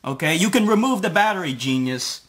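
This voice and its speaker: A man's voice: sits high, expressive, a little fast, fairly bright tone. A man ranting sarcastically as a video blogger, swearing often and mocking what he reads. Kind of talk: profane ranting commentary.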